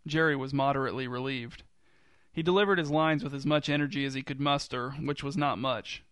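Male audiobook narrator, dry wry delivery, crisp, close and dry sound. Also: mid-range voice, fairly even intonation, a little fast, a bit bright, dry recording. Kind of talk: storybook narration.

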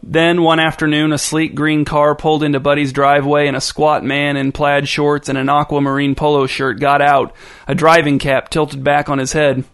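Man, storybook narrator, dry, wry, slightly high voice. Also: monotone, moderate pace, gravelly, a bit bright, clear, resonant tone.

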